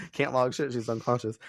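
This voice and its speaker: A man co-hosting a podcast, recapping an episode in casual chat that is animated and full of cursing. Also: mid-range voice. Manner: animated, profane, quick-talking. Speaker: podcast co-host.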